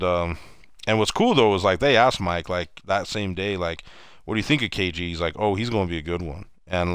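A man with a very low, smooth and resonant voice rambles through a story as he plays, restarting sentences as he goes. The sound is dry and close, with no room echo. He chats loosely and casually to his viewers. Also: fairly bright tone. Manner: mimics other people in raised voices when retelling stories. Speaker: streamer. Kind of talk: casual storytelling over gameplay.

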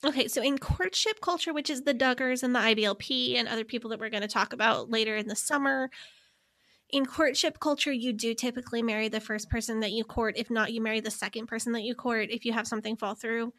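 A woman co-hosting a podcast with a bright, forceful voice that sits a little high. She explains in a lively, chatty way, full of "like" fillers. The sound is dry and close. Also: fast, no room sound. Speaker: podcast co-host. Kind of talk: casual podcast chat.

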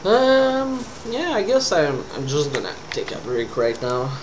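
A man's voice: a little high, unhurried, slight background noise. A man with a French accent giving casual, rambling commentary over gameplay, sounding tired. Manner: rambling, with trailing fillers. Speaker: streamer.

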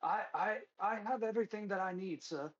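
A man's voice: sits high, brisk, highs cut off, voice pushed up, close to an everyday voice. A man voicing a timid woman doctor who stammers. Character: hesitant female doctor, timid.

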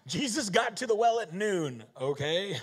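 A husky-voiced man preaches with bounce and humor, his pitch riding high and swinging wide. He keeps tossing questions at the crowd and joking his way through the point. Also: normal speed. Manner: animated, joking, rhetorical questions. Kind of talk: sermon.

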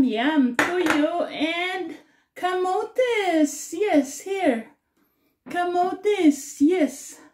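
A woman with a high, mellow voice talks slowly and chattily to her viewers, dropping in "yes" between phrases. She sounds like she's in a roomy, echoing space at home. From Bicol region, Philippines. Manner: chatty, repeats "yes" often, slow deliberate speech. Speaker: vlogger. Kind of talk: casual mukbang vlog.

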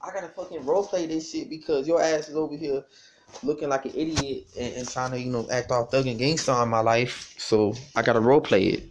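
A man's voice: medium pitch, steady tone, fairly quick, background noise. Young male vlogger, mid-range voice, casual phone chat, profane and taunting, stammering repeats.

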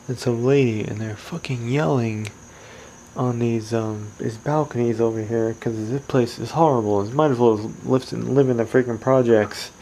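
Gravelly dark-voiced guy rambling into his phone outside at night, muttering complaints, crickets going faintly behind. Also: mid-range voice, fairly even intonation, moderate pace, slight background noise, rough recording. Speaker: vlogger. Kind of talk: casual late-night vlog. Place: outdoors at night by a condo parking lot.

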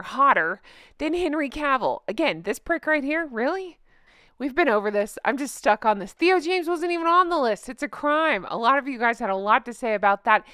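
A woman's voice: fairly high pitch, fairly bright tone, clear, resonant tone, dry recording, studio quality. A woman hosting a casual commentary vlog, sarcastic and giggly, often gushing. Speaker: host.

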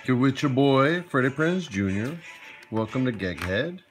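A man's voice: medium pitch, lively intonation, a little slow, soft background music. A man hosting a casual video about a tabletop game, laid-back and joking, with plenty of "like" and "uh". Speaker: host and game master.

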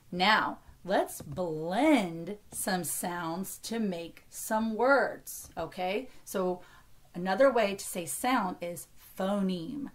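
An American woman in her thirties, a teacher giving an early-grade reading lesson and carefully sounding out words for young children. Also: lowish voice. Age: 30s.

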